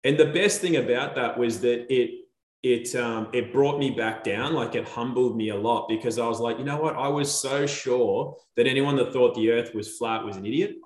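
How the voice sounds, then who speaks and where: A man's voice: medium pitch, normal speed, echoey room. A man chatting casually as a podcast guest, telling a story and acting out the dialogue in it. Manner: animated storyteller, acts out quoted dialogue. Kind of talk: casual chat.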